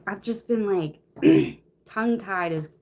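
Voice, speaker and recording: A woman's voice: medium pitch, a little slow. A young woman reading a novel aloud on a stream, flustered, swearing casually and out of breath. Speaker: reader.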